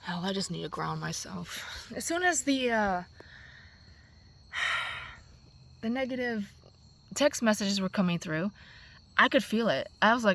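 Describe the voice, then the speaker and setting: A woman vlogging from her backyard garden at dusk, filming on a phone as she walks. She rambles and vents, swinging from soft musing to loud, exasperated outbursts. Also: medium pitch, animated, measured pace, creaky, pauses often. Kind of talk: casual venting vlog.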